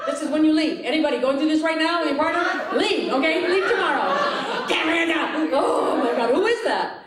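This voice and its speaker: A woman's voice: sits high, lively intonation, quick pace, a loud crowd. A woman performing a stand-up comedy set in a theatre, acting out the people she quotes and often laughing through her lines. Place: theatre stage before a live audience. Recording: roomy live theatre recording, mic at a distance, audience noise. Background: audience laughter.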